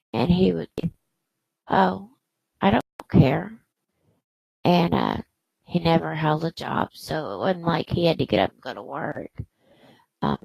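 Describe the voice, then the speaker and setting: A woman host telling a personal story in a halting way, with many fillers and restarts. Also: low-pitched, creaky, no room sound, low-quality recording.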